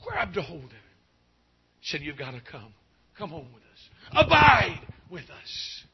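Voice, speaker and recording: Man preaching a revival sermon, hushed to loud. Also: fairly high pitch, sing-song, normal speed, gravelly, slightly rough. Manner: swings from hushed pleading to loud exclaiming. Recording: dull lo-fi sound.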